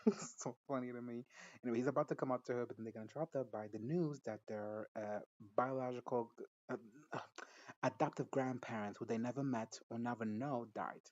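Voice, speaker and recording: A man's voice: medium pitch, steady tone, a little fast, a little mellow, muffled recording. A man giving a casual recap and reaction to a TV episode, chatty, gossipy and profane, laughing often. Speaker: show reviewer.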